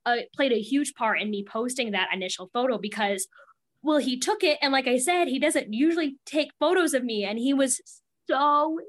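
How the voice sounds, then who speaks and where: Young woman, podcast guest, animated storyteller, laughs a lot, slightly high voice. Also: normal speed. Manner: animated storytelling, laughs often, acts out quotes. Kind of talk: casual chat.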